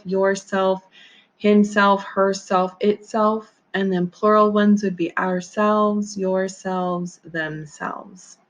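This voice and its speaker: A woman teacher giving a recorded grammar lesson, patient and methodical, walking through examples step by step. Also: mid-range voice. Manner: patient, methodical, talks through on-screen steps. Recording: slightly dull lo-fi audio.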